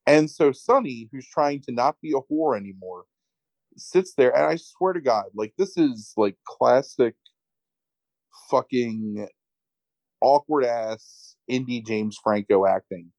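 A man casually recapping a movie plot on a podcast, swearing freely and telling it with lively energy. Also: medium pitch, slow, no echo, low-quality recording. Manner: profane, animated retelling with acted quotes. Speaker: podcast co-host.

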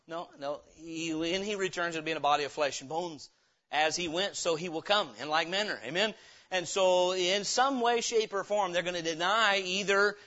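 A man's voice: sits high, sharp tone, highs cut off. A male pastor preaching a sermon, emphatic, throwing rhetorical questions at the congregation. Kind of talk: sermon, Bible teaching.

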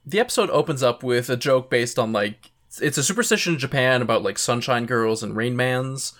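A young adult co-host recaps an episode casually, with a middling, even voice. The delivery is relaxed and chatty. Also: mid-range voice, brisk. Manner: laid-back recapping, laughs at own jokes. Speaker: podcast co-host summarizing episodes.

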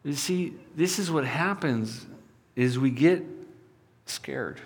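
A male pastor preaching a sermon, telling a personal story and swinging from loud appeals to hushed asides. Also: medium pitch, slow pace, breathy edge. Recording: long hall reverb.

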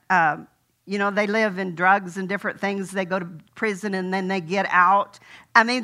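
A woman's voice: mid-range voice, pushed and bright. An older woman preaching a sermon in a folksy, conversational way, telling a personal story.

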